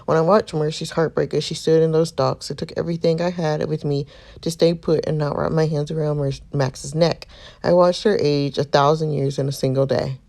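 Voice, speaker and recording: A woman reading a game's narration as a devoted, protective young man, in an earnest storytelling way with a gravelly texture. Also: sits low, fairly even intonation, moderate pace, mellow. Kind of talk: reading game narration aloud.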